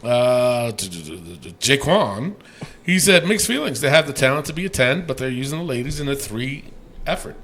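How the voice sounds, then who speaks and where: A man co-hosting a casual podcast, reading listener ratings aloud in a loose, profane way that swings from mumbling to yelling. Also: mid-range voice, sing-song, normal speed.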